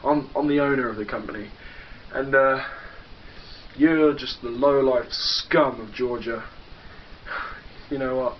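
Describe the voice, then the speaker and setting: A young man with an English accent taunts a rival in a swaggering, foul-mouthed wrestling promo. The recording is dull and lo-fi, with faint background noise, like an old home video. His voice sits at an ordinary middle pitch. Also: fairly even intonation, a little slow, long pauses. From England. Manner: boastful, taunting, profane. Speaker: backyard wrestler cutting a promo. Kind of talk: trash-talking wrestling promo.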